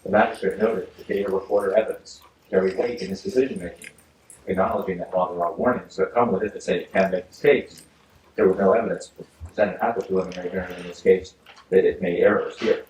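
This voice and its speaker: A male judge reading a ruling from the bench in a measured, formal way, often pausing with "uh". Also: low-pitched, fairly even intonation, darkish tone, recorded from a distance. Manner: measured, formal legal delivery with frequent uhs. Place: courtroom. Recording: echoey courtroom audio from afar, faint hiss.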